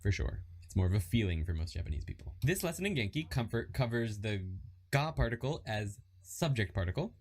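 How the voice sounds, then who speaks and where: Chatty man explaining, lively pitch. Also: a little fast, slightly rough. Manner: relaxed and chatty, reads and repeats example sentences. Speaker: Japanese learner teaching lessons. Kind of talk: casual lesson explanation.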